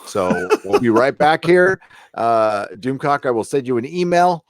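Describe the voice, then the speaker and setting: A man's voice: medium pitch, big pitch swings, measured pace, no echo, studio quality. A man hosting a casual live stream from home, talking bluntly and rallying his viewers. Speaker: livestream host. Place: home room.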